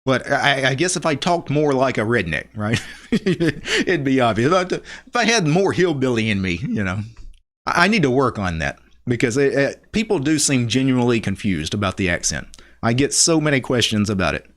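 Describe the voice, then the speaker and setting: A man's voice: medium pitch, moderate pace. Chatty Louisiana man hosting a live stream. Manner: relaxed, chatty, laughs often, reads viewer comments aloud. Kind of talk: casual live stream chat.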